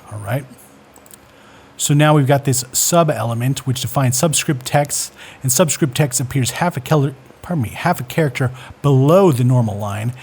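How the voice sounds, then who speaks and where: A man's voice: medium pitch, a little mellow, slight background noise. A man hosting a casual screen-recorded coding lesson, thinking aloud with fillers and self-corrections as he works. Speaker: coding tutorial host.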